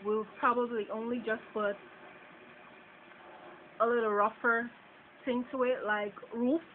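A woman's voice: fairly high pitch, level tone, unhurried. Chatty Jamaican woman vlogger. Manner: chatty, explains each word with everyday examples. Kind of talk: casual accent-tag video. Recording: tinny lo-fi line with faint noise.

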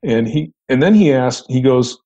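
Husky, mellow middle-aged man recounting a case. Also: mid-range voice, lively intonation, normal speed. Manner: storytelling with frequent restarts and repeated words. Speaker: retired FBI agent, podcast guest.

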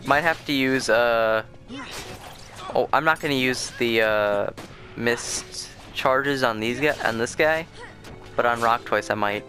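Faint game music sits beneath a young let's play host whose bright, forward voice falls in a normal middle pitch. Sleepy and yawning, he gives chatty, rambling commentary on his game, packed with fillers and sentence restarts.

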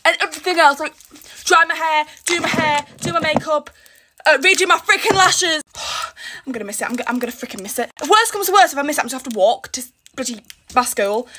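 Teen beauty vlogger, high and exasperated, recorded over steady cricket background noise. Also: female voice. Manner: rushed, exasperated, chatty. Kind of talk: casual get-ready-with-me chat. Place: home, indoors. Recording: noisy room with background cricket sounds. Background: cricket sounds from a smart speaker.

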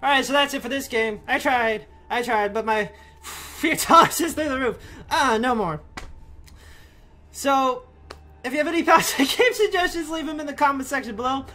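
A let's play gamer giving horror game commentary, talking to the game's figures and bursting into scared yells. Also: high voice, normal speed.

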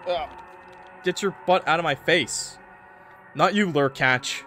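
A man's voice: a little high, slow, bright, forceful tone, faint music behind. A man streaming a game, chatting casually with his viewers and laughing often. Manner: laughs often, joking with chat. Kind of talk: casual gameplay commentary.

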